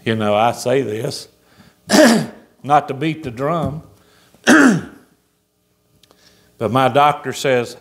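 A man's voice: medium pitch, big pitch swings, extremely slow, gravelly, pauses often. A man, preaching a fervent church sermon as pastor and asking the congregation rhetorical questions. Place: church sanctuary.

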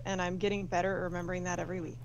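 A woman's voice: fairly low pitch, level tone, very fast, muffled recording, slight background noise. A woman playing in an online tabletop game, chatting in a casual, upbeat way over a video call. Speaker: player. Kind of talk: casual chat.

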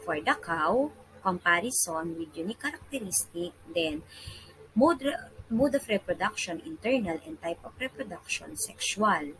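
Bright-voiced Filipino woman reading a lesson. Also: lowish voice, expressive, slight background noise, low-quality recording. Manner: careful, measured reading with slips and restarts. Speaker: teacher. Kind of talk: reading a science lesson aloud.

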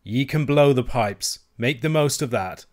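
A man voicing a proud, hot-tempered adult Highland swordsman in an audiobook reading, speaking in a touchy, quick-to-bristle way. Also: expressive, natural voice. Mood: indignant. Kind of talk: audiobook character voice.

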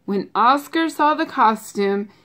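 A woman reading a children's picture book aloud, gentle and expressive with playful asides to young listeners. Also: a little high, takes it slowly. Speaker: storybook reader.

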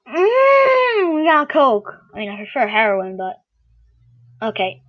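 A woman's voice: medium pitch, highs cut off. A woman doing casual game commentary while opening card packs, swearing freely and shrieking whenever a good player shows up. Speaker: gaming video creator.

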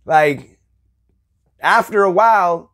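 Man teaching a lively devotional. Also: high-pitched, takes it slowly. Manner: animated, acts out everyday dialogue with light laughter. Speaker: Bible teacher.

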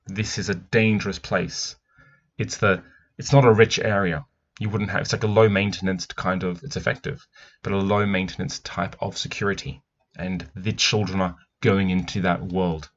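A teacher with a deep, steady voice at a normal pace works through a picture book, reading and commenting on it. His analysis is thoughtful and musing, full of restarts, and the recording sounds dull and lo-fi.

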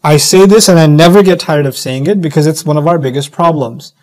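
A middle-aged man giving a sermon-style lecture, animated, acting out quoted voices as he teaches. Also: on the high side, a little fast, poor audio. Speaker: Islamic speaker.

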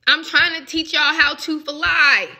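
Young woman, love coach, spiritual reading, very bright tone, slightly high, emotional and musing. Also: steady tone, unhurried. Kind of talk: casual spiritual message reading.

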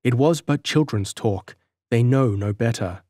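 An earnest young male blacksmith's apprentice, read by a male storyteller, eager and quick to flare up. He speaks in a middle-pitched, natural voice in a dry, close audiobook recording. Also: warm tone, dry recording, lightly acted. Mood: comforting. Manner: earnest, hot-tempered.

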